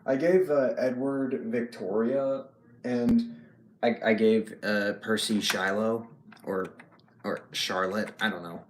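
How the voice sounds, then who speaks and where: On a live stream, a man chats casually and answers chat messages as he goes, speaking haltingly with frequent ums and restarts. His voice is on the low side with fairly even intonation, and the sound is roomy.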